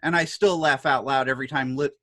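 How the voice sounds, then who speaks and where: A man's voice: medium pitch, fairly even intonation, fairly quick, pushed and bright, no echo. A man co-hosting a film review podcast, recounting a movie with enthusiasm. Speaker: podcast co-host reviewing films. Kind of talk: casual chat.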